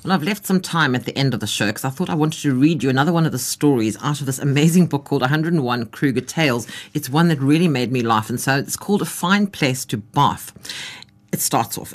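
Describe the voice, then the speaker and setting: A woman, hosting a radio travel show and reading stories aloud in a lively, expressive way. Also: a bass voice. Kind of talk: radio chat and story reading.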